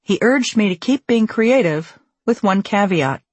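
A woman narrating a memoir audiobook in a measured, wry storytelling manner, recorded on a studio microphone. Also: medium pitch, expressive, slightly rough, no echo.

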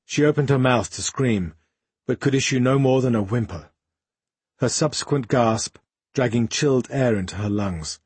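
A man reads an audiobook aloud in a steady storytelling manner. His voice is husky and breathy at the edges, at an ordinary pitch. The recording is dry and close. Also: moderate pace, no echo. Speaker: audiobook narrator. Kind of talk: scripted narration.

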